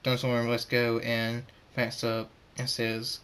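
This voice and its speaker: A man reading a fan story aloud, halting and repeating words as he goes. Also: mid-range voice, monotone, fairly bright tone, a little hiss or hum.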